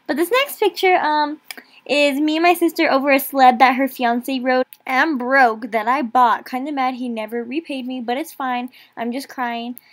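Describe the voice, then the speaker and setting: A woman's voice: high voice, fairly even intonation, moderate pace, a bit bright, no room sound. A young woman vlogging in a chatty, dramatic, self-mocking way, talking while she drives a car. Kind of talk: casual vlog chat. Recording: noisy car interior.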